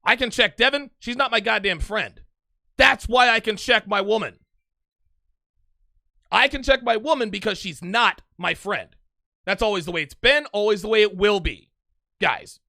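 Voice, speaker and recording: Mocking high-pitched man, gravelly. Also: pushed and bright, no echo, clean studio sound. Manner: mocking, emphatic. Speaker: commentary host. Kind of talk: reaction commentary.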